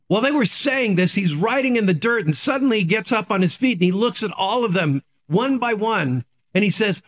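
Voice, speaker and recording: Male pastor, higher-pitched voice, earnest devotional preaching built on rhetorical questions. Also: animated, fairly quick, few pauses. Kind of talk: daily devotional sermon.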